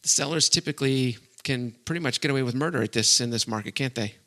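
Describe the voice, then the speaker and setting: A man's voice: medium pitch, fast, pushed and bright. A middle-aged man hosting a casual podcast, upbeat and rambling, laughing often between filler words. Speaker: podcast host.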